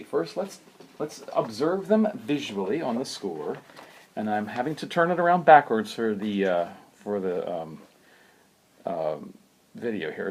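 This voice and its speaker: A man giving a spoken piano lesson, unhurried and thoughtful, who sings rhythms and counts beats aloud. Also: mid-range voice, darkish tone, breathy edge. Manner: unhurried, thoughtful, with many fillers. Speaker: piano teacher.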